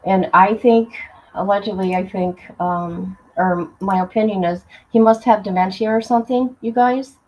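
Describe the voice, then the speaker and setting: A woman's voice: mid-range voice, fairly even intonation, moderate pace, a little mellow, rough recording. A woman hosting a casual livestream, chatting loosely and greeting her viewers by name as she talks. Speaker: livestream host.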